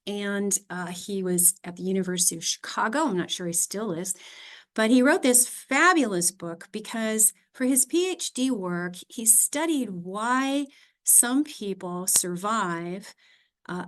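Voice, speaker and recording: A middle-aged woman with an Upper Midwest American accent speaks at an ordinary pitch. She gives a friendly, chatty presentation as a library director, with easy fillers between points. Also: a bit bright. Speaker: library director giving a talk. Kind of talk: casual presentation.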